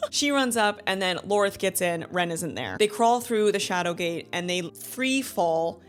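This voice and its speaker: A woman in her thirties hosting a book club review in a chatty, animated way, laughing often and acting out quotes. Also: medium pitch, measured pace, faint music behind. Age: 30s. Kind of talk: casual book review chat.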